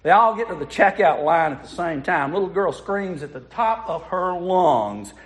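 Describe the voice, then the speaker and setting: Folksy preacher, lively pitch. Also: male voice, moderate pace. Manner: folksy storytelling with audience asides. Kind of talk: sermon.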